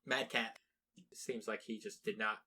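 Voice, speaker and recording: A man's voice: lowish voice, steady tone, unhurried, pushed and bright, a little hiss or hum. Young man rambling through a casual podcast chat. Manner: rambling, swears freely, frequent restarts. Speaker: podcast co-host.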